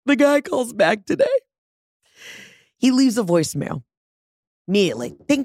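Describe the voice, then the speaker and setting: A woman in her thirties telling a story in a casual monologue, animated and profane, jumping into high mocking voices. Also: normal speed, breathy edge, no echo, clean studio sound.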